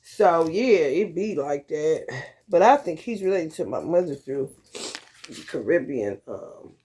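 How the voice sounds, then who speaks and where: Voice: mid-range voice, lively intonation, unhurried, darkish tone. A vlogger talking in a loose, profane monologue, laughing often and calling listeners honey and baby. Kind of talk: casual monologue.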